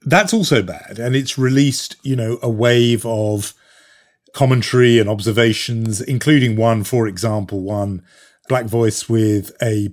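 A man's voice: mid-range voice, measured pace. A British man hosting a news podcast, talking things through thoughtfully with frequent fillers and restarts. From Britain. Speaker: podcast host. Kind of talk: conversational news discussion.

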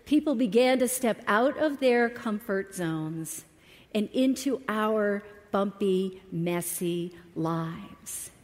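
A middle-aged woman shares a heartfelt personal story with a congregation. Her delivery is unhurried and deliberate, and she leans into key words for emphasis. The sanctuary adds a long, lingering reverb. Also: medium pitch, expressive. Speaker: guest speaker at a church service. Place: church sanctuary. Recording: long hall reverb from a church.

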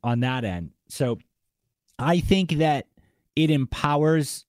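A man's voice: on the high side, animated, slow, a little mellow, no echo, studio quality. A man with a Boston accent, a podcast host chatting casually and often restarting his sentences with repeated words. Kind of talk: casual chat.

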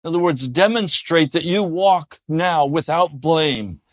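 A man preaching a sermon in an earnest way, often dropping to a soft, gentle tone. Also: a little high, animated, a little slow, no echo, clean studio sound. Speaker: pastor.

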